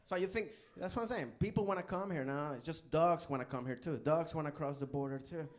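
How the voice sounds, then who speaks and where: A man's voice: a little high, fairly quick, a little hiss or hum. A man from Venezuela with a Venezuelan Spanish accent, Spanish his first language, performing a stand-up comedy set on a club stage and acting out characters. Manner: animated, acts out characters in put-on voices.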